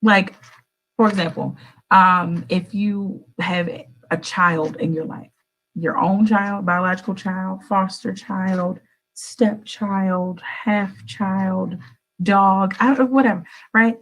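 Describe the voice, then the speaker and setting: A woman hosting a radio show, talking in a casual, motivational monologue straight to her listeners. She is animated and chatty, swoops up in pitch for emphasis and calls her audience "baby" and "y'all". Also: slow pace, low-quality recording. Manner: addresses listeners directly and affectionately.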